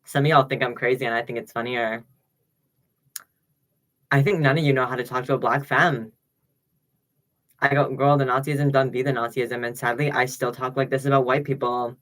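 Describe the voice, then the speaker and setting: A man hosting a casual livestream rant into a laptop's built-in mic, sassy and rambling, swinging between loud remarks and low mutters. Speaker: livestream host.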